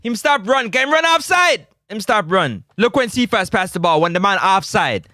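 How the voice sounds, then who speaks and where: High-voiced, exasperated man. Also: very animated, normal speed, sharp tone, no echo, studio quality. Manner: exasperated, pleading, repeats himself. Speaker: football review host. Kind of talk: match replay commentary.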